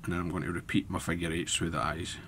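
A man demonstrating fly tying step by step, talking in a relaxed way as he works with his hands. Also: low-pitched, fast, a little hiss or hum. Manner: relaxed, thinking aloud while working with hands. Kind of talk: step-by-step tutorial narration.

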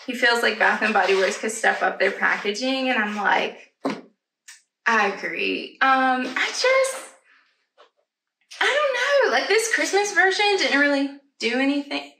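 A woman's voice: fairly high pitch, unhurried, vocal fry, bright, forceful tone, slight background noise. A woman vlogger chatting casually at home, giggling and trailing off into asides to her pets. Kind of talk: casual haul chat to camera. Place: at home, indoors. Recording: roomy, slightly distant home audio.

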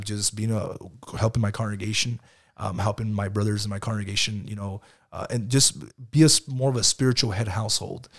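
A man in his thirties speaking as a guest in a casual interview, relaxed and conversational, often calling the host "bro". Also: fairly low pitch. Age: 30s. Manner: casual, peppers talk with "bro". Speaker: guest entrepreneur.

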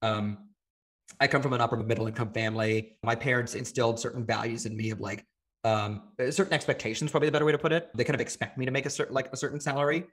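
A man talking casually as a podcast guest, rambling quickly with lots of filler words. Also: mid-range voice, steady tone, a bit bright. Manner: fast, rambling, frequent "like" fillers. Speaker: podcast guest, data engineer. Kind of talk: casual interview chat.

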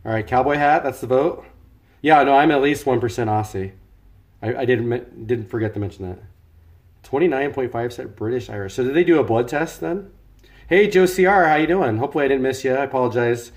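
An American man runs a casual live cooking stream from home, talking a little fast in a medium-pitched, darkish voice. He chats loosely with viewers, pauses to greet people by name, and narrates what he's doing as he works.

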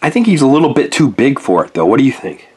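A woman's voice: rumbling low, quick pace, slightly rough. A woman hosting a playful toy unboxing, exclaiming over each find and coaxing a young helper along. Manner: animated, exclaiming over toys, coaxing a child.

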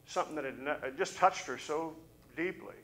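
A man's voice: fairly high pitch, brisk, poor audio. Man preaching a story-filled sermon. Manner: animated storyteller, acts out quoted voices. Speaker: pastor. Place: church service.

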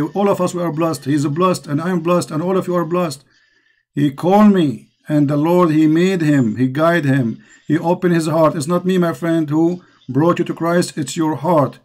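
A man's voice: fairly high pitch, darkish tone. A man with an Arabic accent, hosting a call-in religious show and preaching with passion. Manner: impassioned, preaching. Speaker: host.

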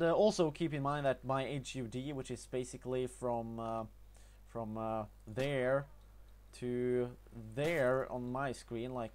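A young man with a Norwegian accent talking over gameplay in a casual tutorial, halting often with fillers and restarts. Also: mid-range voice, darkish tone. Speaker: gaming tutorial narrator.

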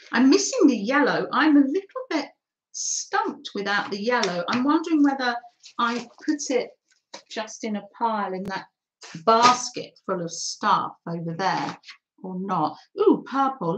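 A woman's voice: fairly high pitch, expressive, unhurried, slight background noise. A woman hosting a live mixed-media art demo, chatting and thinking aloud as she paints and reading out viewers' comments. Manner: reads out and thanks viewers' comments. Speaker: craft livestream host.

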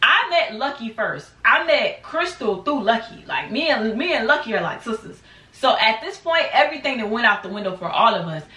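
Animated young woman telling a story. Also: moderate pace. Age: 20s. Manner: animated, acts out quotes in high bursts. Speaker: vlogger. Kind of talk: casual storytime. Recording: echoey room, mic at a distance.

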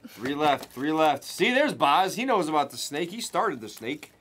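Guy hosting a card break, lively up and down voice, kinda high, chatty and excitable. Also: slight background noise. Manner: excitable, chatty, rapid play-by-play of pulls. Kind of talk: casual chat while opening cards.

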